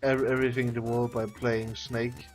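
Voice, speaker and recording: A man's voice: mid-range voice, little pitch movement, moderate pace. A man streaming a game, reading its dialogue aloud and commenting with wry exasperation. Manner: wry, exasperated, calls characters morons. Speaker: let's play streamer. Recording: dull lo-fi mic with faint game music.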